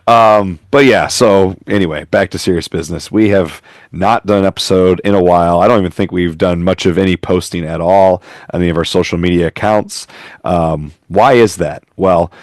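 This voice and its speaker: A man's voice: deep voice, a little mellow, no room sound, studio quality. A man hosting a casual podcast chat over a remote call, rambling and making self-mocking jokes. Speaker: podcast host.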